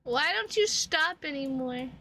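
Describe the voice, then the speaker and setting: A woman streamer with a high voice, chatting in a goofy, rambling way while playing a game. Her tone is bright, and there is a faint hiss behind her. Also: expressive, a little slow, creaky. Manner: goofy, rambling, jokey, lots of laughing. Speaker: streamer playing a visual novel. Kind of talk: casual streaming chat. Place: home room.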